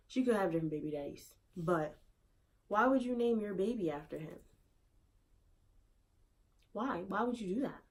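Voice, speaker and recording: A woman's voice: mid-range voice, darkish tone. A woman giving her opinion casually in a vlog, repeating rhetorical questions in disbelief. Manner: conversational, with fillers. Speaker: vlogger.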